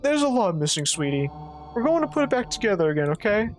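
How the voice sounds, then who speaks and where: A woman reading a gentle grieving mother. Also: mid-range voice, very animated, quick pace, soft background music, natural voice. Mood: tender. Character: gentle grieving mother speaking to her child.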